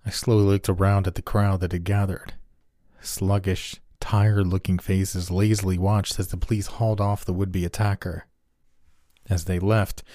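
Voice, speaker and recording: A man reading a first-person horror story aloud in a steady, measured way. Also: deep voice, dry recording, studio quality.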